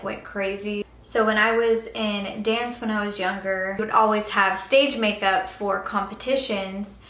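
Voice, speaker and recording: A woman's voice: mid-range voice, a bit bright, roomy sound. A young woman chatting casually to her viewers about her makeup routine, rambling and laughing now and then. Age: young adult. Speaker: beauty vlogger. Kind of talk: casual get-ready-with-me chat.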